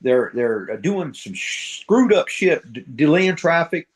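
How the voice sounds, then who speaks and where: A man's voice: on the high side, very animated, measured pace, husky. Blunt, profane retired Marine man. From middle America. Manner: blunt, profane, acts out quoted dialogue. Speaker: retired Marine sergeant major, guest. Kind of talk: casual storytelling interview.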